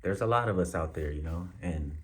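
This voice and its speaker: A man with a very low voice speaks straight to his viewers in a relaxed vlog. His talk is slangy and loose, with frequent pauses and fillers as he thinks aloud. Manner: laid-back, slangy, halting with many fillers. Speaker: vlogger. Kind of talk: casual direct-to-camera update.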